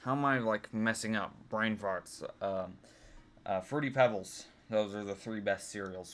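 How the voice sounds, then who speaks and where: Slow, rambling young man with a low voice. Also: steady tone, a bit bright, slight background noise. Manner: rambling with many ums and restarts. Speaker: vlogger. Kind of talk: casual tier-list ranking chat.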